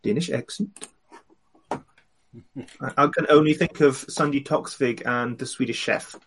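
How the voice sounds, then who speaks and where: A man playing a tabletop game, speaking in a wry, hesitant way with many ums and pauses. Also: mid-range voice, steady tone, a little hiss or hum. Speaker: player. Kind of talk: casual tabletop game chat.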